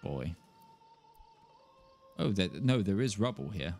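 A man's voice: sits low, very animated, takes it slowly, darkish tone, faint music behind. A man giving casual, jokey gameplay commentary as he plays, chatting to himself and his viewers. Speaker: gaming streamer.

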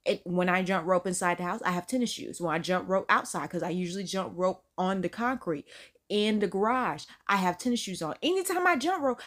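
Woman reaction host, casual and incredulous, higher voice, very lively pitch. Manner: chatty, incredulous, talks straight to viewers.

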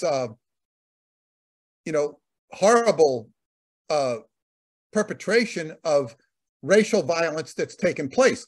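A man co-hosting a talk, rambling in casual commentary, often repeating words and using fillers. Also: a little high. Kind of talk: conversational commentary.

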